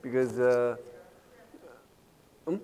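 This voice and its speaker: A man's voice: medium pitch, level tone, very slow, mellow. Joking lecturer man in a reverberant room. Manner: casual, jokey, asks students "right?" and "okay?". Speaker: university lecturer. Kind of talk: recorded online lecture.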